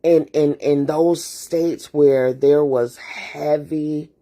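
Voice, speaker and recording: A woman's voice: low voice, fairly even intonation, drawn-out words, mellow. A woman host telling a personal story in a casual, earnest way, often repeating her words. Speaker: host and therapist. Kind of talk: emotional storytelling monologue.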